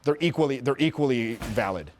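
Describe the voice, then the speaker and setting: An animated middle-aged man swears freely as he tells his stories in a casual interview. He is a social skills coach, and his voice sits at a plain, middling pitch. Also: a little fast, a little hiss or hum. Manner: profane, animated, acts out quoted voices.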